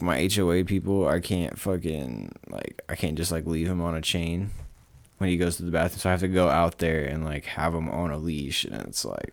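Podcast guest: a very low-voiced man, profane and rambling, with a dry close sound. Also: creaky, no echo. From United States. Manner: profane, rambling, animated storytelling. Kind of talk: casual chat.

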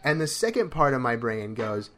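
A man's voice: mid-range voice, very animated, moderate pace, a bit bright. A young man co-hosting a podcast, telling stories in a rambling, casual way with lots of fillers and laughter. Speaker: podcast co-host. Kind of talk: casual chat, storytelling.

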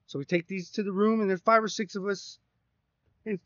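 Profane storytelling man, slightly high voice. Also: a little fast, no echo. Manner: profane, rambling, animated retelling. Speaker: podcast co-host. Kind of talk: casual storytelling. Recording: dry, slightly dull sound.

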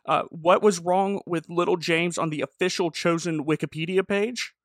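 A man's voice: fairly high pitch, normal speed, dry recording, studio quality. A man, a podcast co-host and pastor, chatting casually about a show and acting out the characters' lines as he retells scenes. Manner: animated, voices characters in quoted dialogue. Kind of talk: casual review chat.

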